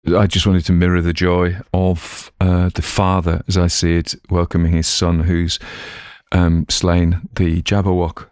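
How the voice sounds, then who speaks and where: Deep-voiced Cumbrian man rambling. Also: monotone, unhurried, a little mellow, smooth, dry recording, studio quality. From Cumberland, England. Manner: digressive, self-mocking, chatty. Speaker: audiobook reader and channel host. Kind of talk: casual rambling chat.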